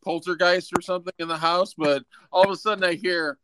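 A man's voice: high voice, fairly even intonation, fairly quick, sharp tone, a little hiss or hum. A man co-hosting a comedy radio show, trading jokes and casual swearing. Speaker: radio co-host. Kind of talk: joking comedy radio banter.

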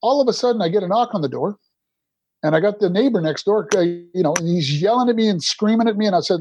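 A man's voice: sits high, fast talker, a little mellow, husky, dry recording. A middle-aged man from Canada, a podcast guest, telling his recovery story candidly in a rambling way, restarting his sentences often.

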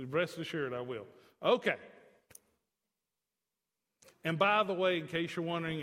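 A man preaching a sermon in a folksy, joking way, swinging from soft to emphatic. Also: a little high, big-room sound. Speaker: pastor.

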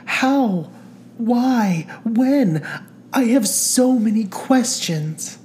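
A woman's voice: lowish voice, animated, takes it slowly, mellow, slight background noise, voice pushed up. Woman doing a breathless lovestruck heroine. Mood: overwhelmed.

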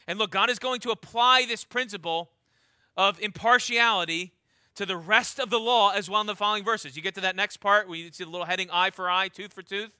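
Bright, high-voiced male preacher. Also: clean tone, no echo. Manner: emphatic, slows down to stress key words; reads scripture aloud and then comments on it. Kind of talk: sermon.

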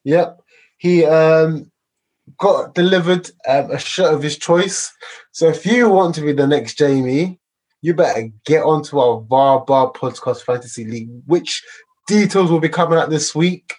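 A man's voice: on the high side, measured pace, darkish tone, poor audio. A man hosting a casual football podcast, laid-back and rambling with many fillers. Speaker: podcast host.

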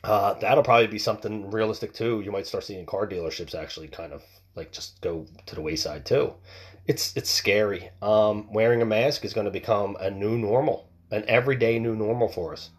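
Hosting a show from his home, a man rants with blunt opinions, swearing a lot and restarting often in a fired-up casual tirade. His voice sits on the low side and moves a little fast. His home mic picks up noise from outside.

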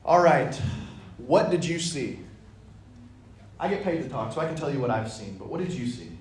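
A man leading an interactive Bible study, reading scripture and acting out the dialogue with lively energy. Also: mid-range voice, moderate pace, a little hiss or hum. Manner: animated, acts out dialogue in voices. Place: church meeting room. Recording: echoey room.

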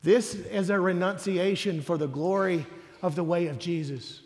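A man's voice: high-pitched, steady tone, normal speed, in a large hall. A male preacher delivering a sermon emphatically, building his points through repeated refrains.

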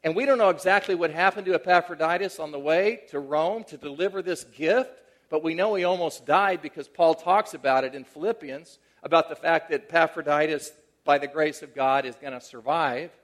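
A middle-aged man preaching as a pastor, with a somewhat higher voice than most men. He tells his story conversationally, pressing some points with energy and dropping others to a soft, tender hush. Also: brisk. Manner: conversational, moving between animated emphasis and hushed, tender delivery. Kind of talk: sermon with personal storytelling.

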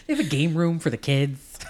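This podcast host is a man in his forties with a somewhat high, slightly bright voice. He chats casually, swearing freely, laughing often and rambling through his stories.

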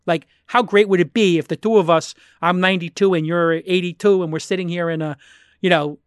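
A man's voice: sits high, steady tone, a little fast, smooth, no room sound, clean studio sound. A middle-aged American man on a podcast, ranting in a heated, profane, emphatic way. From United States. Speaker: podcast guest.

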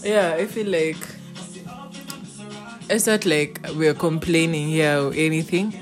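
A woman's voice: sits low, takes it slowly, over music. A young woman, telling a story in casual chat and acting out the quotes in it. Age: young adult. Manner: animated, acts out quotes.

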